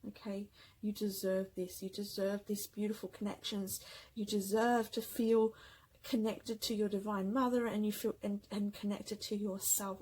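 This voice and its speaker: A woman giving a pick-a-card tarot reading, speaking gently and affectionately, getting emotional and often checking in with "okay?". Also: mid-range voice, flat delivery, normal speed, slight background noise, rough recording.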